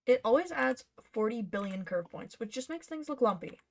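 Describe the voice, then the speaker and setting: While streaming her cosplay patterning work, a woman chats casually and mutters to herself. Her voice is on the high side, expressive, and moderately paced.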